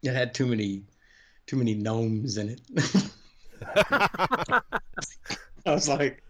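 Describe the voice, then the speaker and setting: A man's voice: mid-range voice, sing-song, takes it slowly, fairly bright tone. A middle-aged man, a game designer guest, chatting casually on a podcast, rambling through stories with chuckles and restarted sentences.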